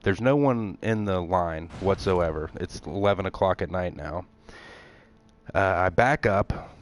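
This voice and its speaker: Exasperated man telling a story. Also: on the low side. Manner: acts out both sides of the conversation. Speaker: streamer. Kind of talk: casual storytelling.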